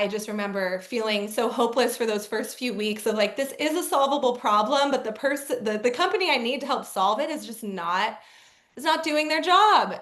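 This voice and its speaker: A woman speaker and coach, a guest in an interview, telling stories in a lively, casual way with frequent "like". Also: a little high. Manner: lively storyteller, fills speech with "like". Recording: echoey room.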